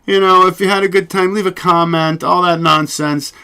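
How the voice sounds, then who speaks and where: A man's voice: sits high, steady tone, normal speed, pushed and bright, smooth. A man hosting his own show, chatting casually and rambling, swearing freely and laughing often. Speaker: show host. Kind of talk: casual solo livestream chat.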